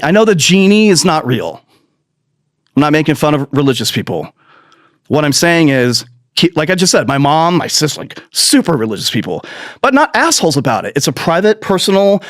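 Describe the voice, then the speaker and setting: A man's voice: on the high side, no echo, clean studio sound. A man hosting a podcast, delivering a profane, sarcastic political rant full of mocking mimicry. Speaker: podcast host.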